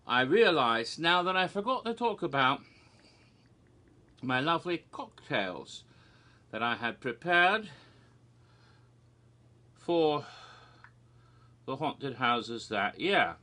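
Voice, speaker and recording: A man's voice: a little high, big pitch swings, takes it slowly, pauses often, pushed and bright. A middle-aged man hosting a theme park history vlog, talking in a playful, theatrical, self-mocking way. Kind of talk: casual vlog talk.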